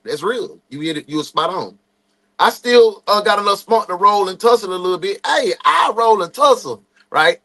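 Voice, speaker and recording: Man, forties, casual stream storytelling, bright sharp tone, lively swoops. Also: sits high, moderate pace. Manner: animated, loud, laughing storyteller. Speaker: reaction streamer.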